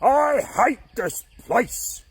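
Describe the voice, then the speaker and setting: A man voicing a grumpy, hot-tempered caveman who shouts and yelps. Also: high voice, huge pitch swings, slow, slightly rough, pitched above the performer's own voice, full character voice. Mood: furious. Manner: shouting and yelping.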